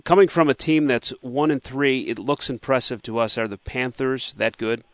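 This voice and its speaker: A man's voice: mid-range voice, moderate pace, no room sound. A man hosting a radio sports show, interviewing a guest in a chatty, conversational way with hesitant fillers.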